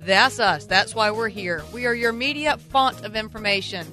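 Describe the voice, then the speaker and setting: A woman's voice: medium pitch, moderate pace, sharp tone, faint music behind. A woman hosting a radio wine show, bantering playfully and teasing her co-host in the studio.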